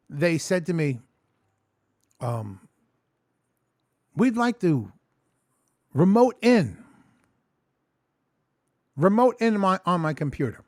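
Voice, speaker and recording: A man telling a story in a casual vlog, animated and swearing often as he rants about his day. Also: fairly high pitch, no room sound, clean studio sound. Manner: animated, profane, ranting storyteller. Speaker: vlogger.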